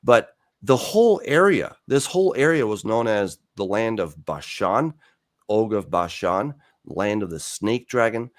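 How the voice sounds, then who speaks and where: Animated, low-voiced male Bible teacher. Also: a little slow, dry recording, clean studio sound. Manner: animated storyteller who acts out quoted dialogue; frequent fillers and restarts.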